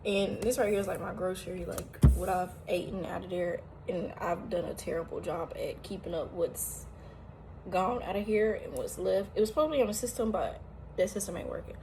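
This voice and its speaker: A woman chatting casually as she cooks at home, tired and a little out of breath, talking at length with sudden loud exclamations. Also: fairly low pitch, brisk, creaky, a little hiss or hum. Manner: talkative, animated, often exclaiming. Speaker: home cooking vlogger. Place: home kitchen, indoors.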